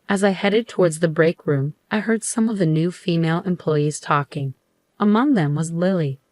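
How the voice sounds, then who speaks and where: A middle-aged woman telling a first-person story in a steady, measured way. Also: on the low side, no room sound. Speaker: narrator.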